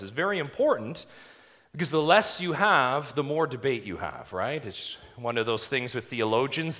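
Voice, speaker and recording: A male pastor preaching a sermon, reading scripture slowly and putting rhetorical questions to the congregation. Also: medium pitch, fairly bright tone. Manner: reads scripture aloud slowly and deliberately.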